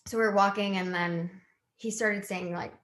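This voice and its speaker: A young woman casually telling a long story to friends, animated and laughing often. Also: mid-range voice, moderate pace, echoey room. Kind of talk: casual chat.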